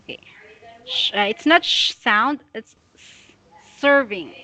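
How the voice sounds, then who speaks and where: A woman tutoring English one-on-one, patiently and slowly correcting a student's pronunciation. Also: a little high, expressive, sharp tone. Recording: dull lo-fi audio.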